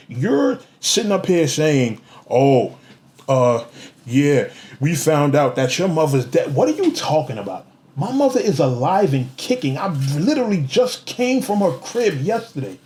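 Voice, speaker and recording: A man's voice: a little high, a little mellow. A young man, ranting at someone to the camera in a vlog, mocking and confrontational, repeating lines for emphasis. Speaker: vlogger. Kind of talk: heated rant to the camera.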